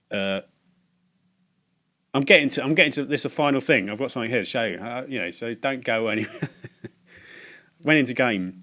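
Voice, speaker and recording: A man telling a rambling, halting anecdote for his video game vlog, often stumbling and repeating himself. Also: a bit bright. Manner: rambling, halting, self-mocking, acts out voices in a high falsetto. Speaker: video game collector vlogger.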